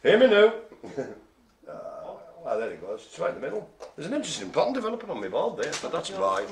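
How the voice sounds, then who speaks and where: A man's voice: on the high side, huge pitch swings, fairly quick, slight background noise. A man hosting a live bingo game, cracking puns, laughing often and rambling in chatty asides. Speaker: bingo host. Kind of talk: live-streamed bingo calling.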